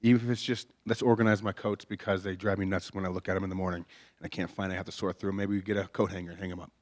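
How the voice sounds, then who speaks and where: A man's voice: low voice, level tone, rapid-fire. A man preaching a conversational sermon in a chapel, folksy and joking, with many rhetorical questions. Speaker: pastor. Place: chapel before a congregation.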